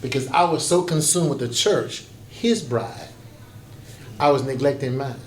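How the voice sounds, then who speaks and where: A man's voice: mid-range voice, unhurried. A pastor in his fifties giving a folksy conference workshop talk, telling stories and acting out quoted voices. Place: conference breakout room. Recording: echoey room with faint background noise.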